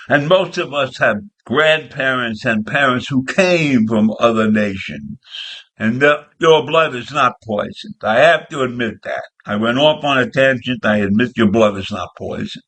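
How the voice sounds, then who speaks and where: A man's voice: medium pitch, fairly bright tone. An older man with great-grandchildren, delivering an indignant political rant full of rhetorical questions. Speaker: commentator.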